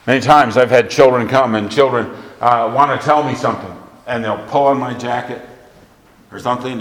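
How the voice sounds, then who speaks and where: A man preaches in a storytelling way, weaving in scripture and sometimes sinking to a hushed near whisper. His mid-range voice carries a roomy echo with a long reverb tail, as in a church hall. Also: medium pitch, normal speed. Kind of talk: sermon.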